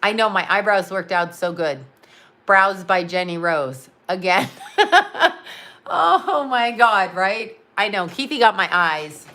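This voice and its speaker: A bright-voiced woman talks loosely on a live stream from home. She rambles, laughs a lot and swears with blunt, unfiltered energy. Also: medium pitch. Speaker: psychic and astrologer answering live chat. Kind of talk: casual live-stream chat.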